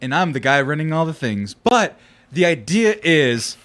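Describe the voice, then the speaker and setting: A man's voice: on the high side, sing-song, moderate pace, a bit bright. Chatty young man hosting a podcast. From Fresno, California. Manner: joking, rambling, laughs often. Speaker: podcast host. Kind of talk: casual podcast chat.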